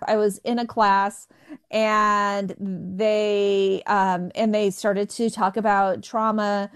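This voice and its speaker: A woman's voice: medium pitch, slow pace, smooth. A woman who stutters on the first sounds of words, telling stories in an interview. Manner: stutters, with repeated syllables; animated storytelling with quoted voices. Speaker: guest. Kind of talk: interview conversation.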